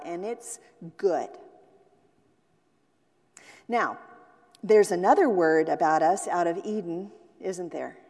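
Slow-preaching woman pastor in a reverberant hall. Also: mid-range voice, darkish tone. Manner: slow, deliberate preaching with acted-out quotes. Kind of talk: sermon. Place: church sanctuary.

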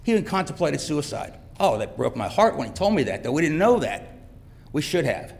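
A middle-aged man speaking from the heart at a church service, with evident emotion. His voice is gravelly and a little higher than usual for a man. It rings with the long reverb of a church hall. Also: sing-song, a little fast. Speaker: church guest speaker, father. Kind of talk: personal testimony.

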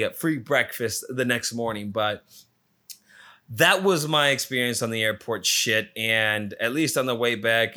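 A man who lives in the Phoenix area recounts a trip in a rambling, profanity-laced story, sounding casual and exasperated. His mid-range voice is bright with a forceful tone.

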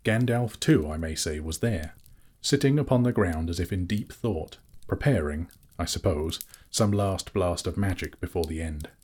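A man reading a fantasy novel aloud as an audiobook narrator, in measured, steady storytelling. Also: sits low, breathy edge. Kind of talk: scripted narration.

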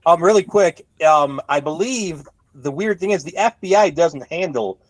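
A man's voice: on the high side, lively intonation, normal speed, dry recording. A man co-hosting a podcast, chatting casually and cracking teasing jokes. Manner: joking, teasing. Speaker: podcast co-host. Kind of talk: casual chat.

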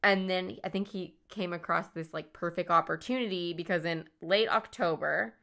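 A woman's voice: lowish voice, moderate pace, vocal fry, fairly bright tone. A woman casually recounting a true-crime story as a podcast co-host, joking and swearing along the way. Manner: swearing, joking, playful mock voices.

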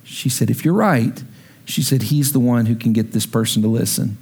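A man preaching a sermon as pastor, telling a story and acting out the dialogue, rising to shouts when heated. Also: mid-range voice, normal speed, vocal fry, husky.

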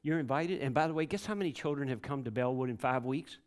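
A man's voice: medium pitch, fast. A man, a pastor telling a story in a sermon, rambling and repeating himself with many restarts.

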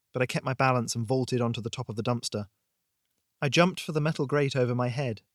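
A man's voice: mid-range voice, no echo, studio quality. Man narrating a tense horror story. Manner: dramatic, measured storytelling. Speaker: podcast host and narrator. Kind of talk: scripted audiobook narration.

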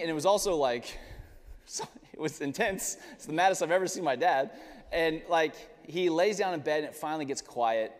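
Pastor guy telling a funny story from the pulpit, kinda high voice, big hall echo. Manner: animated, laughing storyteller. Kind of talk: sermon with personal storytelling. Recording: long reverb of a large hall.

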